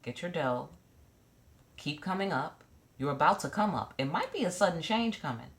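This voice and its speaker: Blunt low-voiced woman reading tarot. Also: expressive, brisk. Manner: blunt, profane, joking asides; repeats phrases, checks in with "okay?". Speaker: tarot reader. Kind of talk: casual tarot reading to camera.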